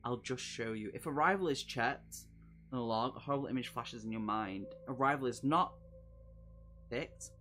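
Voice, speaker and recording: This streamer host has a mid-range, sharp-toned voice and a moderate pace, with a bit of hiss or hum in the recording. He plays through a horror gamebook live, reading it aloud and bantering with chat between passages.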